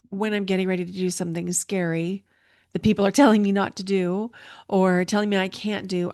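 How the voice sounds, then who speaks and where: A middle-aged woman talks straight to her listeners in an earnest, emotional monologue. She circles back and repeats points for emphasis. Her voice sits at an ordinary pitch and sounds dry and close to the mic. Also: a little mellow, no room sound. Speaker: podcast host and intuitive coach. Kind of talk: personal reflective monologue.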